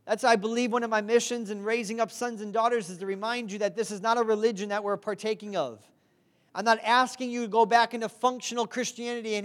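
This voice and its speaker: A woman's voice: a little high, fairly even intonation, quick pace. This is a woman delivering a sermon to a congregation. She speaks earnestly and directly, and she keeps checking in with her listeners for a response. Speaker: preacher.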